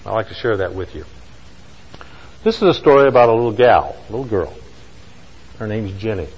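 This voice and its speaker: A man preaching a sermon, telling a story with emphatic lines and slow, quiet stresses. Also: on the low side, sing-song, breathy edge, long reverb tail, highs cut off. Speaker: pastor.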